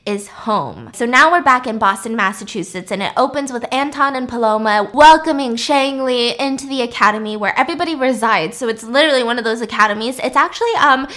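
A woman casually recapping a film's plot in a chatty, animated way, with lots of filler words. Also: on the high side, a little fast, hardly any pauses.

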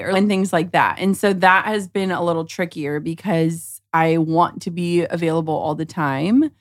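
Animated mom telling stories. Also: female voice, fairly low pitch, normal speed, hardly any pauses. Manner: animated storyteller, acts out quotes. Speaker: guest. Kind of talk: casual podcast chat.

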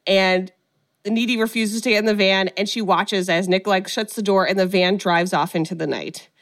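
Woman podcast co-host, animated storyteller, casual movie recap, mid-pitched. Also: moderate pace. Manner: animated storyteller, acts out quotes.

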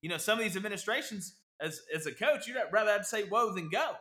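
A man's voice: sits high, lively intonation, quick pace, sharp tone. A man from Alabama, co-hosting a casual sports chat in an agreeable, chatty way. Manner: agreeable, chatty, laughs at the hypocrisy.

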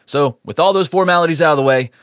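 A man's voice: fairly high pitch, quick pace, a bit bright, clear, resonant tone, no room sound. Dry-sounding man hosting a podcast. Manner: joking, upbeat. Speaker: podcast host. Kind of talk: casual podcast chat.

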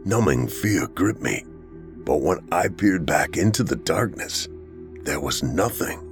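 A man narrates a first-person horror tale from a script, acting out each fearful moment. His voice sits low but moves with lively swings, and faint music plays under him. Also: unhurried. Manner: dramatic, acts out frightened lines.

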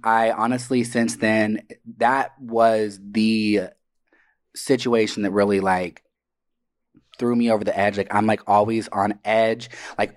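A man co-hosting a podcast, telling personal stories in a casual, profane and animated way, acting out what others said. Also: on the low side. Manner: animated, profane, acts out quoted voices. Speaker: podcast co-host. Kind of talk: casual storytelling. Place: Atlanta area.

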